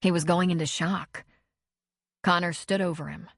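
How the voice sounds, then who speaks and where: A woman narrating an audiobook in a measured, even reading voice. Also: lowish voice, creaky, dry recording. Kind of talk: scripted narration.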